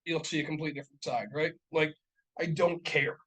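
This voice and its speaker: A man's voice: fairly high pitch, steady tone, normal speed, pushed and bright, rough recording. A man co-hosting a casual podcast, talking bluntly and profanely, rambling with lots of "like" and "right?". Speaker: podcast co-host.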